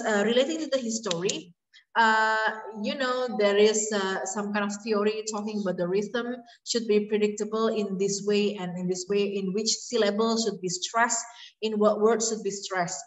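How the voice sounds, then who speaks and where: A woman university lecturer talks through poetry theory at an unhurried, halting pace, full of "uh" and "um" fillers. Her voice sounds a little distant from the microphone. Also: medium pitch. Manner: hesitant, many fillers, switches into Indonesian.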